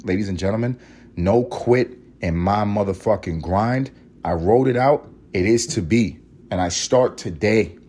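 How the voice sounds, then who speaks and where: A man's voice: lowish voice, darkish tone, slight background noise. A young man hosting a solo podcast while sick with a cold, sniffly and congested, ranting in a sarcastic, profane, casual way. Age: young adult. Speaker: podcast host.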